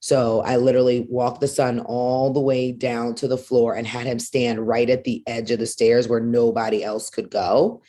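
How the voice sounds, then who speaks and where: A woman being interviewed as a guest on a podcast, telling a story in a casual, animated way and acting out the dialogue she quotes. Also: extremely low pitch, normal speed, hardly any pauses. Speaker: guest, arena executive.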